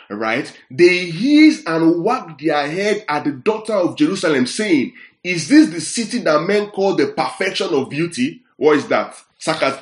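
A man's voice: a little high, expressive, moderate pace, fairly bright tone. A man preaching a Bible-teaching sermon. He speaks emphatically and keeps checking in with his listeners. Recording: roomy echoey sound.

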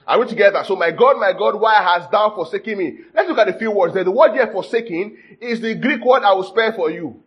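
Male preacher, high and husky, conversational teaching sermon, dull recording. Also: fairly quick, few pauses. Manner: checks in with the audience often, jokes and laughs. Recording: dull lo-fi sound.

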